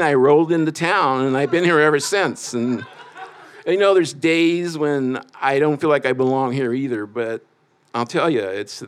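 A man's voice: fairly high pitch, a bit bright. A man from the Midwest telling a personal story aloud, wry and self-mocking, with a loose conversational flow full of little fillers. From Midwest United States.

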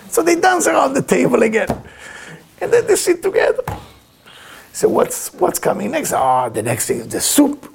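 Gravelly animated man. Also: very high-pitched, normal speed. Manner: animated, chuckling storyteller with broken English. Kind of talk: storytelling spiritual lesson.

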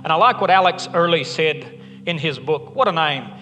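In a church hall with long reverb and faint music, a pastor preaches in a slightly high, pushed and bright voice at a moderate pace. He's conversational and earnest, tossing in joking asides.

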